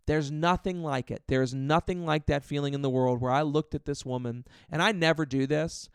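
Gravelly-voiced man telling an indignant story. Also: on the high side, moderate pace, hardly any pauses, no room sound, clean studio sound. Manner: animated, indignant retelling with filler "like". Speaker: stand-up comedian, podcast guest. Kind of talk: conversational storytelling.

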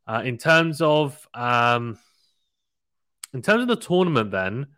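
A man hosts a casual sports podcast in a chatty, teasing way and laughs often. His voice sits at an ordinary middle pitch. The sound is close and dry, with no room echo. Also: big pitch swings, slow, pushed and bright. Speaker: podcast host. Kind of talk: casual cricket podcast chat.

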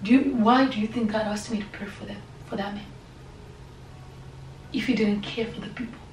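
A woman pastor preaching and praying, impassioned and repetitive, sometimes falling to a soft whisper. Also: medium pitch, fairly even intonation, moderate pace. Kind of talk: sermon and prayer. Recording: echoey room, voice from a distance, faint background hum.

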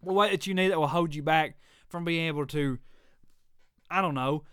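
A middle-aged man rants through his faith podcast with an emphatic, preachy push, hammering the same points again and again. His voice sits high and comes out smooth and clear. The sound is dry and close, with no room around it. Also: moderate pace, a bit bright, no echo. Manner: preachy, emphatic, repeats himself. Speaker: podcast host. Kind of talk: ranting faith podcast monologue.

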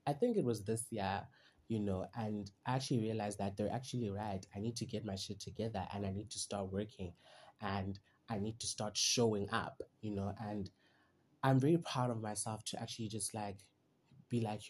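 Give me a heartfelt man hosting a casual podcast, with a relaxed, warm voice and loose, rambling thoughts. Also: on the low side, normal speed, slight background noise. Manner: chatty and heartfelt, heavy use of "you know" and "like". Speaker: podcast host. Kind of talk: casual solo podcast monologue.

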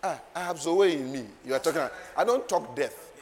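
Man preaching, emphatic, soft asides then loud declarations, slightly high voice, long hall echo. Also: lively intonation, a little fast. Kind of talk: sermon. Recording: long hall reverb, faint ambient noise.

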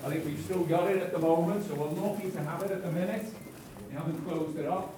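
Guy showing folks round the stadium, kinda high voice, all hyped storytelling, echoey corridors and a bit far off the mic. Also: fast talker, background noise. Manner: animated, dramatic storytelling, builds excitement. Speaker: stadium tour guide. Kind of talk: guided tour talk. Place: indoor stadium corridors and tunnel. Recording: echoey halls, voice from a distance.

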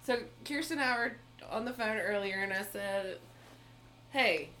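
A woman co-hosting a podcast, telling a story in a casual, animated way with frequent laughs and swearing. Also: mid-range voice, moderate pace, a little hiss or hum. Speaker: podcast co-host.

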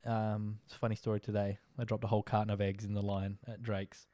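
Chatty tired Australian man, smooth voice. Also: on the low side, level tone, fast talker, dark tone, no room sound, clean studio sound. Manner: rambling and chatty, full of "like" and "um". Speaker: podcast host. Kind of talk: casual monologue update.

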